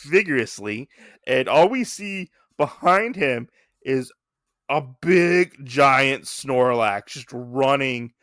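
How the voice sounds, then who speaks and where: A man's voice: medium pitch, takes it slowly, dry recording, studio quality. A man co-hosting a casual podcast, retelling a comic chapter and acting out the characters' lines. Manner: animated, acts out characters' lines while recapping. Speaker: podcast co-host.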